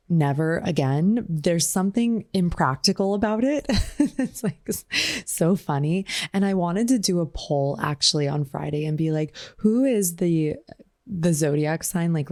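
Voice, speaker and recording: Woman podcast host, low pitch, dry close sound, casual confessional monologue, filler-heavy. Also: creaky, darkish tone, dry recording. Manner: chatty and confessional, many "like" fillers, laughs often.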